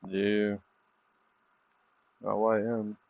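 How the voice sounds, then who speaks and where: A man's voice: lowish voice, completely flat delivery, extremely slow, creaky, no echo, phone-quality sound. A middle-aged man livestreaming his trading, talking casually in a rambling, self-deprecating way. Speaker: livestreaming trader.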